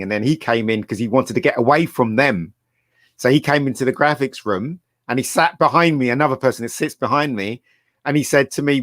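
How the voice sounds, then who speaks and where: A man's voice: mid-range voice, no room sound. Middle-aged man, rambling storyteller, dry close sound. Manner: rambling anecdotes with restarts. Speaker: guest. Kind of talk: casual chat.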